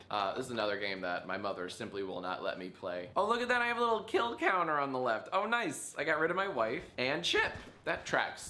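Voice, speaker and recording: A man in his thirties, a streamer giving casual, jokey reaction commentary with quick asides. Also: mid-range voice, sharp tone, roomy sound, slight background noise. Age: 30s.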